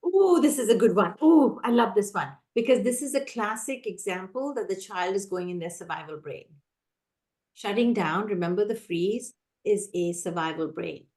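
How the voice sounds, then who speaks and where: A woman trainer answering teachers' questions in a live online session, energetic and animated, often acting out how a teacher talks. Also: mid-range voice, moderate pace. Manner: energetic, animated, acts out teacher and child voices. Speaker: classroom management trainer.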